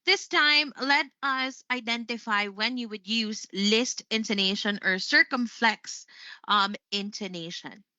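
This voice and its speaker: A woman's voice: fairly high pitch, unhurried, sharp tone, no room sound, highs cut off. A woman with a Filipino accent teaching a live online English lesson, chatty and upbeat, often saying "there you go.".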